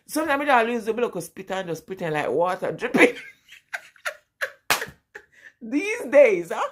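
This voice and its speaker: Jamaican-accented woman vlogger, middle-aged, animated storyteller who laughs a lot, mid pitch. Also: normal speed. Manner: laughs often while telling family stories, animated. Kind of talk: casual storytelling.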